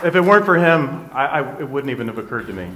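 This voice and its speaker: In an echoey room with a crowd and background noise behind him, a middle-aged male hypnotherapist speaks fast and animatedly at a medium pitch. His motivational talk is candid and conversational, and he keeps checking in with listeners through frequent tag questions.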